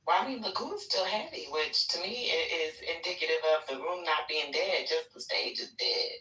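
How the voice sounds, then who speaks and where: A woman's voice: on the low side, animated, normal speed, sharp tone, roomy sound, far from the mic, faint music behind, low-quality recording. A woman chatting casually in an online audio room, teasing and wry. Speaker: chat room speaker. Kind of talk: casual chat.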